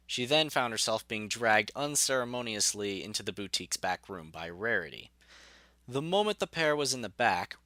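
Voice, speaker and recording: A man narrating a fan audio story in a measured, even way. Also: mid-range voice, dry recording.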